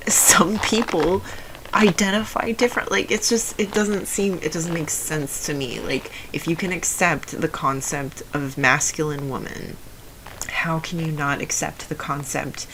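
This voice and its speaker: A young adult woman with a low voice often taken for a man's, telling a personal story in a rambling way with many fillers and restarts. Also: noisy background. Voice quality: low voice often heard as male. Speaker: video essayist.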